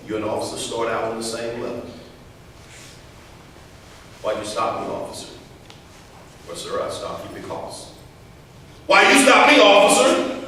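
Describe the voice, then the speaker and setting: Man speaking emphatically in an echoey hall. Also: on the low side. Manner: emphatic, repeats key phrases, leads call-and-response. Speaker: speaker teaching young people. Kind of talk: motivational talk to students. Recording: echoey hall from far off, faint hiss.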